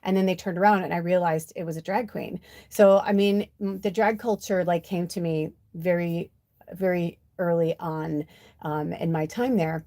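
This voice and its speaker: A woman's voice: lowish voice, steady tone, moderate pace, mellow. An American woman in her fifties, a spiritual medium hosting a livestream, telling stories in a chatty, heartfelt, rambling way. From United States. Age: 50s. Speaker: spiritual medium, oracle card reader. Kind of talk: casual livestream storytelling.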